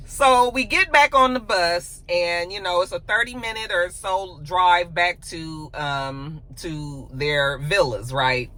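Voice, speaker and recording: A woman's voice: lowish voice, slow pace, few pauses, pushed and bright. A woman recapping a reality show in a casual, candid way, chatting with playful asides and slang.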